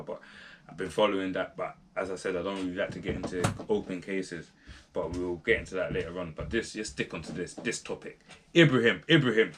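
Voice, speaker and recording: A man's voice: on the low side, a bit bright, slight background noise. A young man giving casual, slangy commentary to his viewers, rambling off topic and often asking them to comment. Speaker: vlogger.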